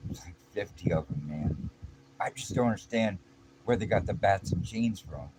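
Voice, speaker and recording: A middle-aged man tells a story from his own life in a casual, blunt, streetwise way. His voice sits very low, and his slangy speech is full of restarts. Steady background noise runs under the recording. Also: normal speed, low-quality recording. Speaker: vlogger.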